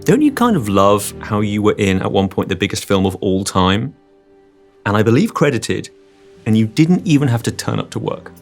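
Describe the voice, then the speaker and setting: A man's voice: on the low side, sing-song, normal speed, faint music behind. A British man interviewing a guest as a film critic, playful and jokey, with questions that ramble. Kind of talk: casual interview.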